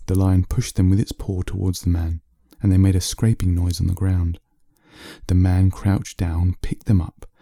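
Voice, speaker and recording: Deep, mellow male storyteller. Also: gravelly, breathy edge, no room sound, studio quality. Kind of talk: bedtime story narration.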